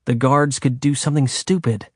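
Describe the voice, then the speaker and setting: A man's voice: medium pitch, fairly even intonation, normal speed, no room sound, clean studio sound, natural voice. A man reading an audiobook, voicing an earnest, protective young man who speaks firmly. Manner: earnest, firm.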